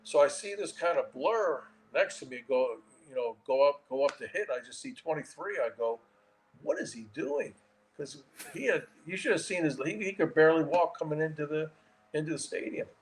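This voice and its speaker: A man in his sixties, a former baseball player and manager, telling stories in a casual interview with an animated delivery and frequent restarts. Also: a little high, a little fast, a little hiss or hum, poor audio.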